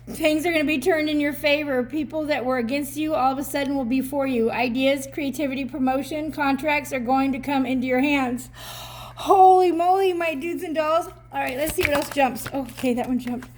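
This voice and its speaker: A woman's voice: high voice, fairly even intonation, fairly quick. A woman doing a casual oracle card reading, chatty and upbeat, reading card text aloud and laughing often.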